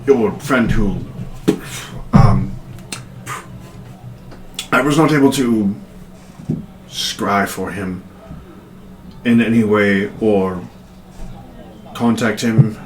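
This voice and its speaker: A man's voice: fairly low pitch, very slow, long pauses, a little hiss or hum. A man voicing a flustered male wizard advisor who stammers, apologizes and stays overly polite, in an echoey room. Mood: apologetic.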